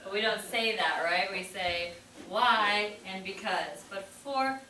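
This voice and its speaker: A woman teaching a class, upbeat and asking quick questions. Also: mid-range voice, bright, forceful tone, a little hiss or hum. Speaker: Spanish teacher. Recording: echoey classroom from a distance.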